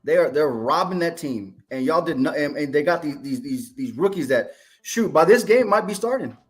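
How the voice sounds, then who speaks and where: A man's voice: fairly high pitch, animated, normal speed. Blunt man talking trash over faint music. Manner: blunt trash talk with hesitant restarts. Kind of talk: casual sports chat.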